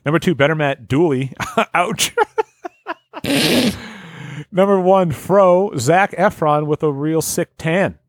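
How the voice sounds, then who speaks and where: A man's voice: fairly high pitch, lively intonation, slow, pauses often, no echo. A man hosting a casual podcast, reading listener lists aloud, joking and laughing often. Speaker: podcast host.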